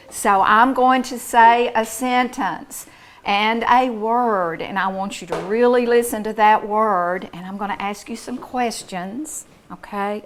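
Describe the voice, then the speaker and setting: A woman teacher leading a classroom phonics lesson, encouraging and deliberate, sounding out words for young pupils in a classroom. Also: mid-range voice, a little hiss or hum.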